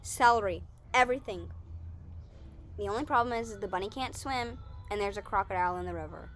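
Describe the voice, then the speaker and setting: A woman's voice: mid-range voice, brisk, a bit bright. A young woman casually chatting in a Q&A vlog, rambling and self-correcting as she talks. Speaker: vlogger.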